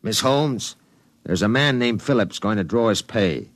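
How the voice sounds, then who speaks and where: An actor playing a domineering, ruthless business tycoon in a 1950s radio drama, giving curt, clipped orders. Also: male voice, on the low side, expressive, measured pace. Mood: commanding.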